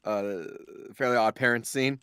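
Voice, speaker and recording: A man's voice: mid-range voice, steady tone, moderate pace, a bit bright, smooth, no echo. A man, one of the players, joking around in casual chat with a playfully dramatic manner.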